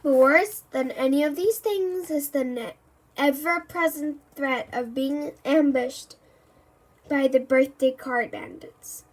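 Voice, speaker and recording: A cheerful, rambling storybook postman who chats in a friendly way, voiced by a woman reading aloud. His voice is high. It sounds like a children's book read aloud. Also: takes it slowly, low-quality recording. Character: cheerful, chatty adult man postman.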